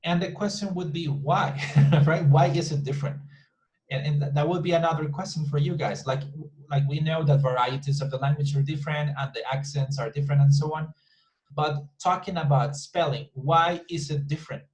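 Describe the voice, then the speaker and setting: Chatty, higher-voiced male English teacher. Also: brisk, a little mellow, poor audio. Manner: chatty, repetitive, asks the class frequent questions. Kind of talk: online class teaching.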